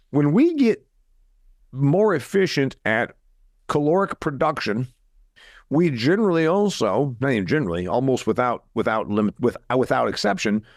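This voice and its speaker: A man's voice: mid-range voice, no room sound, clean studio sound. A middle-aged man hosting a podcast, talking in a blunt, opinionated way with wry asides. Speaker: podcast host. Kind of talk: conversational podcast talk.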